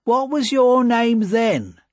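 A man's voice: very high-pitched, lively intonation, takes it slowly, dry recording, studio quality, pitched above the performer's own voice, full character voice. A man voicing a blunt working man who questions pointedly. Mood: suspicious.

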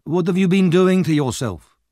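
A man's voice: high voice, lively intonation, normal speed, mellow, dry recording, studio quality, voice pushed up. A man voicing a sly, wheedling old male fence who talks in a fawning way. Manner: fawning, calls everyone "my dear".

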